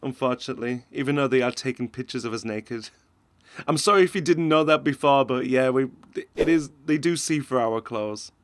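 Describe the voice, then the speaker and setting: A man's voice: medium pitch, a little fast, smooth, no echo. Guy doing a snarky reaction video, laughing a lot, dry close mic. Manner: sarcastic, laughs often between remarks. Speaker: commentary host. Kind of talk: satirical reaction commentary.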